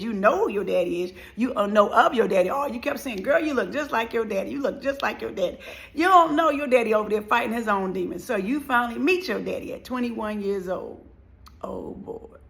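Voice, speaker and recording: A middle-aged woman, speaking as a motivational speaker in an emotional, animated personal storytelling monologue and acting out the voices of people in her story. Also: a little high, vocal fry.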